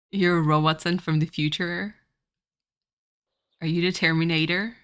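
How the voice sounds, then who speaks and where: A woman streamer with a lowish voice, raised in France with French as her first language, chats casually with viewers while playing a game, laughing often. Faint game music plays in the background.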